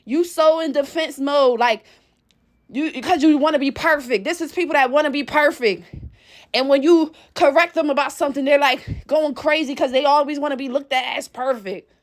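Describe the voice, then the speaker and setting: Woman, high voice, casual vlog rant, blunt, swears freely, animated storyteller. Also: normal speed. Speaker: vlogger.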